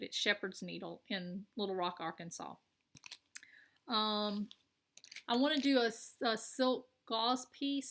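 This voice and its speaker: A woman's voice: mid-range voice, creaky, bright, forceful tone. A woman with a Southern American accent chatting casually and enthusiastically while showing her craft purchases. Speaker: cross-stitch vlogger. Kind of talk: casual show-and-tell chat.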